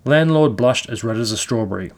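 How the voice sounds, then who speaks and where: A man narrating a classic ghost story aloud in a measured storytelling manner. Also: mid-range voice, expressive.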